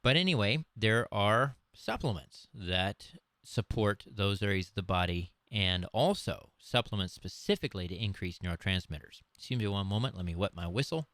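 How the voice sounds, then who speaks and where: A man giving an unscripted health webcast, talking emphatically and preachily, his voice jumping higher when he drives a point home. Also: animated, moderate pace, hardly any pauses, fairly bright tone, dry recording, studio quality. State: dry throat. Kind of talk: unscripted webcast talk to camera.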